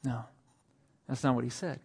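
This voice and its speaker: A male pastor preaching a sermon. His voice swells to emphatic peaks on quoted lines and sinks soft and low when he speaks of his own need. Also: steady tone, moderate pace, creaky, breathy edge, long reverb tail. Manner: rises to emphatic, raised delivery on quoted lines, then drops soft and low.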